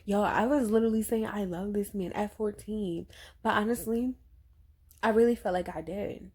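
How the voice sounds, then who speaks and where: A young woman casually chatting to her viewers, telling a personal story in an animated way and acting out what people said. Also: medium pitch, moderate pace, breathy edge. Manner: chatty, animated retelling with acted-out quotes. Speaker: vlogger.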